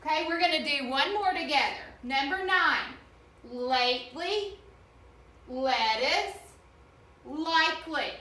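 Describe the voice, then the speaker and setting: A woman teacher giving an online reading lesson to children, slowly and clearly sounding out the vowels in each word. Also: sits high, lively intonation, pushed and bright, echoey room.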